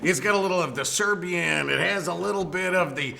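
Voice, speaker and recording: A man's voice: sits high, fairly quick, creaky, a crowd in the background. A man hosting a horror movie show, joking and rambling with a laugh between film segments.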